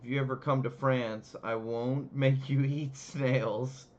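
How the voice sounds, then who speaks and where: A man's voice: medium pitch, steady tone, slow, darkish tone, dull audio. An English-speaking man casually chatting while streaming a strategy game, self-deprecating and fumbling over French words again and again. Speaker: gameplay streamer. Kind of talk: casual gameplay commentary.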